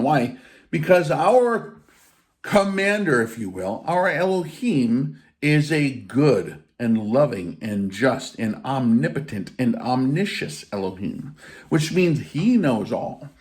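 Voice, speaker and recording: A man giving an informal spiritual teaching in a blunt, emphatic way, with casual swearing. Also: medium pitch. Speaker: faith teacher.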